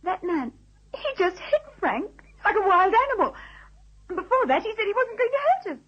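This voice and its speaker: Shaky stammering young wife, high lively voice, muffled old radio. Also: female voice, normal speed, full character voice. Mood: shaken. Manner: tremulous, stammering. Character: shaken young housewife. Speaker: radio drama actress. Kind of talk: vintage radio drama acting. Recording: dull lo-fi old radio recording.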